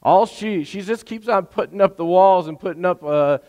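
A man giving a sermon as a pastor, animated and conversational, often checking in with "right?". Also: high-pitched, moderate pace. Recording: long hall reverb.

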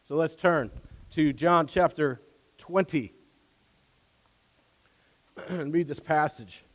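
A man's voice: on the high side, slow, in a large hall. A man preaching a sermon as pastor, casual and full of fillers, building in force.

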